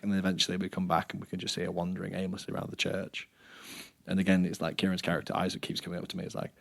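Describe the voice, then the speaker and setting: Man, slightly low voice, casual storytelling, goes quiet for sad moments, loud when joking. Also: little pitch movement, fast talker, creaky. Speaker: podcast host recounting a live-action role-play game.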